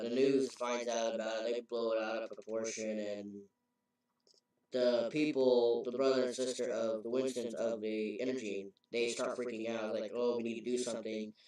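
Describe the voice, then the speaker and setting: A man's voice: mid-range voice, darkish tone. A man casually recapping a story's plot, rambling and correcting himself as he goes. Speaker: game reviewer. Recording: very echoey, voice far from mic.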